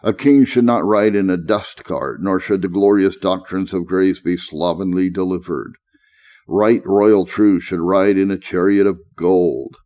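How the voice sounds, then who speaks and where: A man with a very low voice reads a classic lecture on preaching aloud. His tone is dark and mellow, and his delivery is steady and deliberate. He slows down to stress the phrases that matter most. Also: lo-fi sound. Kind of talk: measured scripted reading.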